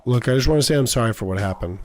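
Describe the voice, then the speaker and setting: A man's voice: mid-range voice, lively intonation, racing, faint music behind, pitched below the performer's own voice, close to an everyday voice. A man voicing a wisecracking male cat detective in a film noir game, wry, sheepish and jokey.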